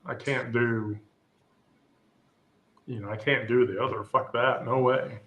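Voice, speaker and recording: A man in a casual group chat, candid and blunt, often laughing loudly. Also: medium pitch, fairly even intonation, unhurried, phone-quality sound.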